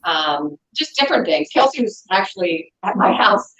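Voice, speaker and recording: A woman's voice: medium pitch, moderate pace. Woman telling a ghost story, echoey and muffled. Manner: animated, acts out dialogue in her story. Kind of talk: casual storytelling.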